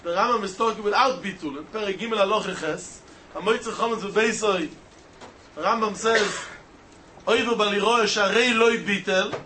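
A man's voice: high-pitched, normal speed, background noise. A man teaching a style Talmud lecture, arguing animatedly in a sing-song way. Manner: animated, mixes Hebrew, Aramaic and Yiddish terms into English, sing-song reasoning.

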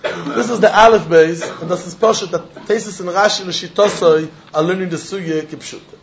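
A man's voice: high-pitched, fairly even intonation, fairly quick, highs cut off, a little hiss or hum. A man teaching a Talmud class, repeating points with emphatic sing-song delivery and mixing in Yiddish and Hebrew terms.

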